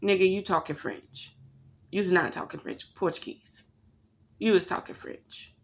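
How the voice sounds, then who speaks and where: A woman telling a story to her camera in a blunt, profane, animated rant. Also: fairly low pitch, a little slow. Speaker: vlogger.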